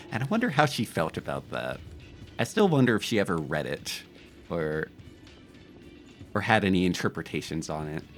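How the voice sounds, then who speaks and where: Deep-voiced laid-back male streamer. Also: sing-song, normal speed, long pauses, faint music behind. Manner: rambling, laid-back, with frequent fillers and laughs. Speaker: game streamer. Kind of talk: casual live-stream chat and storytelling.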